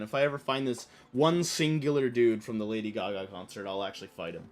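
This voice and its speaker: A man streaming a game, telling a story in an animated, rambling way full of fillers. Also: on the low side, quick pace. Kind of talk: casual storytelling while playing.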